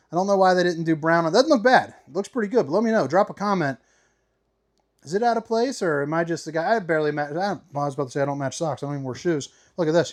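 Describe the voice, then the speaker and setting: A man hosting a casual walkthrough tour inside a travel trailer, upbeat and playful with slangy asides. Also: fairly high pitch. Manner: upbeat, playful, slangy, calls viewers baby. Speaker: RV tour host.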